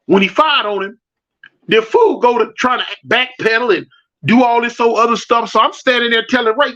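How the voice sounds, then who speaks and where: High-voiced Los man, animated storyteller. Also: normal speed. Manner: animated, slangy, acts out voices in his stories. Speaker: storyteller answering live chat. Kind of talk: casual street storytelling. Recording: dull lo-fi audio.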